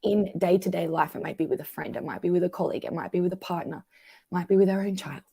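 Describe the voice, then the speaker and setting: A woman, a coach talking through emotional patterns in a conversational interview, animated and acting out the voices she quotes. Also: fairly low pitch, fast, creaky, husky, dry recording. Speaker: guest coach.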